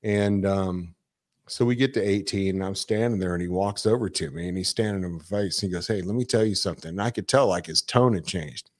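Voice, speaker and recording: A man telling a story in casual chat, animated, swearing and acting out quotes. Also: low voice, fairly quick. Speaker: guest storyteller.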